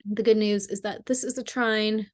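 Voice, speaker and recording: A woman's voice: mid-range voice, fairly even intonation, normal speed. A woman talking casually to camera as a spiritual vlogger, chatty and loose with many fillers and restarts.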